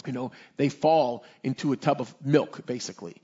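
A man's voice: medium pitch, normal speed, dark tone, husky, dull audio. A man preaching a sermon as a pastor, emphatic and repetitive, with many "you know" fillers.

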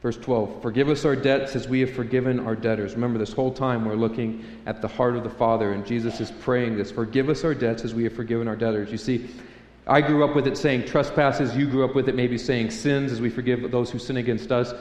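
Animated man preaching in an echoey hall. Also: mid-range voice, a little fast, few pauses, a little hiss or hum. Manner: animated, joking, acts out prayers in a raised voice. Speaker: pastor. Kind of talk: sermon. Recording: echoey hall, faint room ambience.

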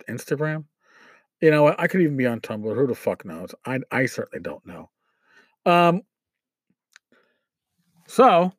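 A man with a fairly high voice hosts a casual podcast, rambling and irreverent, full of asides and profanity. He occasionally stumbles over words while reading aloud, and the recording is dry.

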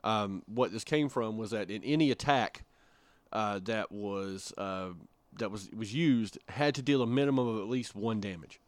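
A man's voice: lowish voice, normal speed, dry recording. A man co-hosting a podcast in casual, joking chat, with frequent filler words. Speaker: podcast co-host.

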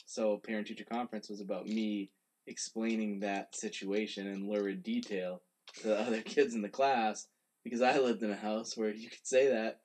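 Middle-aged male co-host, husky and lowish, laid-back rambler who laughs a lot. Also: fairly even intonation, moderate pace, a little mellow. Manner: easygoing, laughs often, rambling anecdotes. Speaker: podcast co-host. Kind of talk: casual chat.

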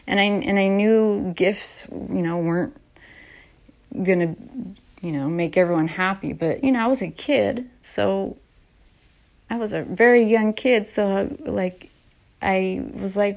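A woman in her late thirties talking in a casual, heartfelt and rambling way as a vlogger, often laughing softly between restarts. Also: medium pitch, unhurried, gravelly. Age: late 30s. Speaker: vlogger and podcaster. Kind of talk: casual heartfelt personal talk.

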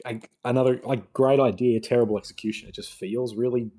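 A man's voice: medium pitch, fairly even intonation, fairly quick, mellow, husky. A young man ranting sarcastically in a casual film review chat. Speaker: podcast co-host.

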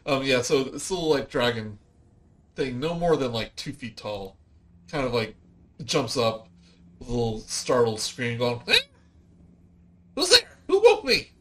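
A man narrating a tabletop game as game master, halting with many fillers, on low-quality home audio. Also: slight background noise.

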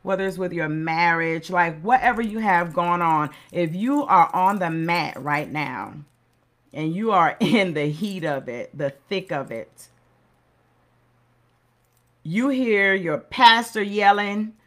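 A woman's voice: fairly low pitch, expressive, slow pace. Middle-aged woman, motivational host; earnest, sermon-like delivery with repeated phrases. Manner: earnest, preacherly, repeats key phrases for emphasis. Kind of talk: motivational talk.

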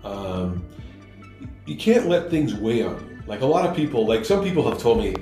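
A man's voice: mid-range voice, very animated, moderate pace, dark tone, reverberant, soft background music. A man, an entrepreneur being interviewed, speaking candidly and emphatically. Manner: candid, emphatic, plain-spoken. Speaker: entrepreneur guest. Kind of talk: interview answers.

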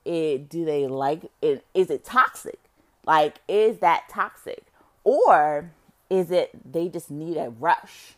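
Low-pitched rambling woman, lively swings. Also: slow. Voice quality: expressive, swings between low murmur and loud outbursts. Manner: rambling, musing, swears freely, many fillers. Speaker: vlogger. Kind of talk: casual monologue to viewers.

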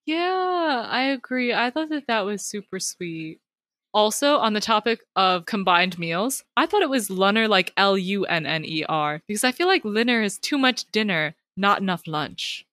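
A woman's voice: mid-range voice, expressive, moderate pace, a bit bright, no echo. A young woman, a teacher, chatting casually about a book on a review podcast, upbeat and full of "like" fillers.

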